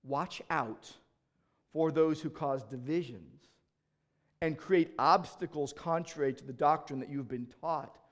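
A man with a high, bright-edged voice preaches a sermon. He swings between loud, urgent lines and soft, dropped passages. His stories come with acted-out exchanges. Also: unhurried. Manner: emphatic, swings between loud urging and quiet, low delivery. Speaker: pastor.

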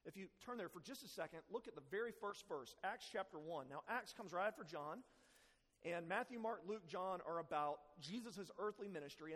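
Pastor guy giving a sermon, kinda high voice, earnest, lots of echo in the church. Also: fairly bright tone. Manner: earnest, self-deprecating preaching with rising emphasis.

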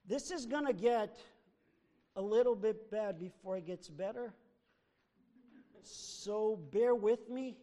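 A man preaches from the pulpit with an unusually high voice, pressing his points slowly and deliberately. He swings between loud, emphatic declarations and hushed asides. The sound carries a long reverb, like a church sanctuary. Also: animated. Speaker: pastor. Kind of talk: sermon.

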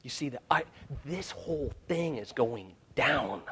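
Dramatic male preacher, hushed to shouting. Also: mid-range voice, animated, measured pace, husky. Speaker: pastor. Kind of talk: sermon.

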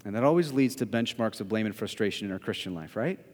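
A male pastor preaching a sermon in a church, emphatic, swinging between loud declarations and hushed asides. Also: fairly low pitch, lively intonation, fast. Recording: long reverb of a large hall.

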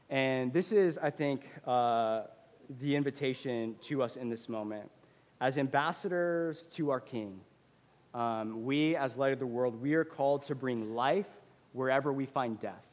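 A middle-aged man preaches in a casual, conversational way, his voice carrying a long reverb from a church hall. His pitch sits in the middle of the male range, and his storytelling grows lively. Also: normal speed. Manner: conversational, animated when retelling a story. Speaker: pastor. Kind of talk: sermon with personal storytelling.

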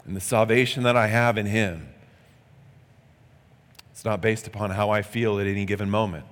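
Earnest preacher in a reverberant hall. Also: male voice, fairly low pitch. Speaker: pastor. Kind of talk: sermon.

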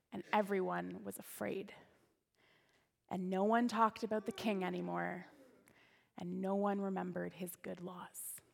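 Gravelly woman pastor telling a story. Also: mid-range voice. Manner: expressive storyteller, varied volume. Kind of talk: storytelling sermon. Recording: long church reverb.

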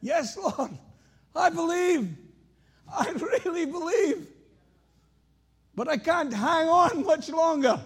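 Panicked young man clinging to a cliff branch, a preacher doing the voice, yelling high and strained. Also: lively intonation, takes it slowly, pauses often, full character voice. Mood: desperate shout. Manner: high desperate shouting.

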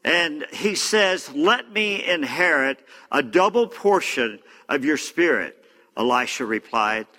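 A man's voice: on the high side, animated, takes it slowly, bright, forceful tone. A man preaching a sermon, reading scripture aloud with frequent fillers and casual asides. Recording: long hall reverb.

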